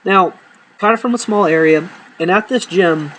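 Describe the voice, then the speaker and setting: A man casually telling profane, animated stories from his life to camera, acting out the people in them. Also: sits high, normal speed, a little hiss or hum, low-quality recording.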